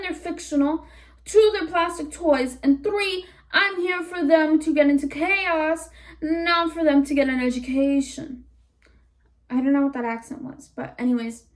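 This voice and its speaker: A woman recapping a cartoon series in a casual, animated way, with sarcastic asides and rambling tangents. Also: very high voice. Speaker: YouTube reviewer.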